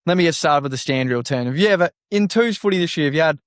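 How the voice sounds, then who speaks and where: An Australian man co-hosting a podcast, telling an animated story, swearing and laughing often. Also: fairly high pitch, racing, no room sound, clean studio sound. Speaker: podcast co-host. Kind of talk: casual chat.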